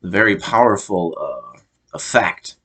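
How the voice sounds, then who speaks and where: Man, American accent, deep voice, casual review monologue, halting, searching for words. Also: big pitch swings, pushed and bright, husky. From United States. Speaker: show reviewer.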